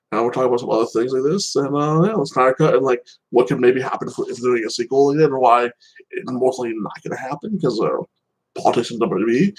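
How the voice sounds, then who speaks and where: A man's voice: medium pitch, poor audio. A man hosting a casual solo commentary show, rambling with many fillers and restarts. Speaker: channel host.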